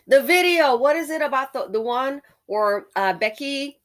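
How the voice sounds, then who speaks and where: A woman's voice: high voice, lively intonation, normal speed, hardly any pauses. A woman giving sassy, exasperated opinion commentary as the host of her channel. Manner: sassy, exasperated, mocking impressions. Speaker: commentary vlogger.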